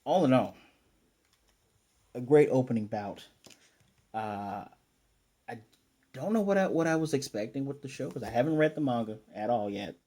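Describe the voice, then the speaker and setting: A man giving a casual, chatty recap and review of an anime episode, acting out characters' lines in quick asides. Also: medium pitch, expressive, warm tone. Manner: retells scenes with quick quoted character lines; chatty, with fillers and throat clearing.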